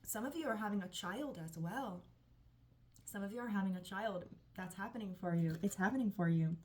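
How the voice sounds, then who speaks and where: A woman's voice: mid-range voice, brisk, darkish tone. A woman giving a channeled tarot reading, affirming and gushing, with frequent sighs. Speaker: tarot reader.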